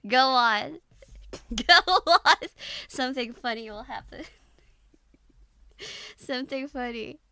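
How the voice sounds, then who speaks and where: A woman's voice: sits high, animated, very slow, long pauses, bright, forceful tone. A young woman streaming as a VTuber, chatting casually with a giggly, playful, teasing manner.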